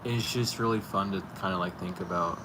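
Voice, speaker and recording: A man with a somewhat low voice chats casually on a live stream from home, his talk loose, rambling and sprinkled with swearing and laughter. A clear hiss of noise sits under the audio from his stream mic. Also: a little fast. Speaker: tarot reader streaming live. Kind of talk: casual livestream chat. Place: indoors at home. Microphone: computer or camera mic for a live stream. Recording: noisy home livestream audio.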